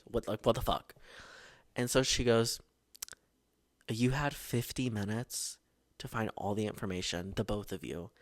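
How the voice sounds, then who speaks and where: A man's voice: on the low side, no echo. A young man hosting a podcast, telling school stories in a sassy, overdramatic, profane way. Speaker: podcast host. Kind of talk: casual storytelling monologue.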